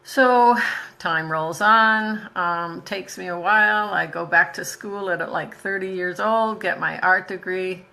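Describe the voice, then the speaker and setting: Older woman, from Canada, artist, live-stream chat, slow, bright tone, rambling, laughs easily. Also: on the low side, gravelly, low-quality recording. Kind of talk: casual live-stream talk.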